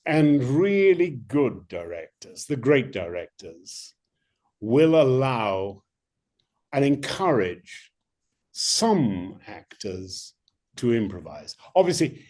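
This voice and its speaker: An older male actor, a guest in an interview, telling animated stories with many restarts. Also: medium pitch, takes it slowly. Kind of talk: interview anecdotes.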